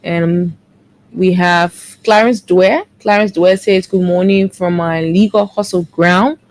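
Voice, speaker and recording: A woman, co-hosting a morning show and briskly reading out viewer comments, correcting herself as she goes. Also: lowish voice, steady tone, darkish tone, rough recording. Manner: brisk, with quick self-corrections.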